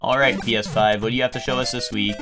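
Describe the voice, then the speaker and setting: A man's voice: mid-range voice, steady tone, fast talker, music in the background. A young man chatting casually with his viewers during a live game stream, joking and riffing on chat.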